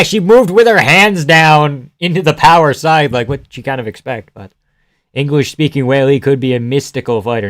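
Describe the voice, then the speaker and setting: A man's voice: mid-range voice, no room sound, studio quality. Casual, profane man streamer. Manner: casual and profane, reading chat aloud, joking. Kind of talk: live fight watch-along chat.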